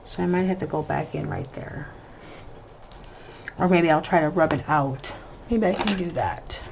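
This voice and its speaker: Chatty, gravelly woman colouring at home. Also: low-pitched, normal speed, background noise. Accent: American. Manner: chatty, storytelling, drifts between anecdotes and narrating her work. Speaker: coloring channel host. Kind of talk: casual chat while coloring.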